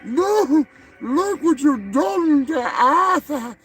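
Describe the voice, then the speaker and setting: A man mimicking a panicked, overdramatic wife in a shrieking falsetto. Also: lively intonation, very slow, a bit bright, full character voice. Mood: hysterical. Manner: shrieking, overwrought pleading.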